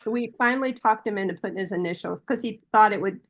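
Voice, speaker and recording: A middle-aged woman with a gravelly, slightly creaky voice speaks as a guest in a relaxed interview. She sets small facts straight in a plain, matter-of-fact way, her pitch sitting in an ordinary middle range. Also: fast. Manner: correcting details, matter-of-fact. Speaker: guest, widow of the book's subject. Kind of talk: casual interview chat.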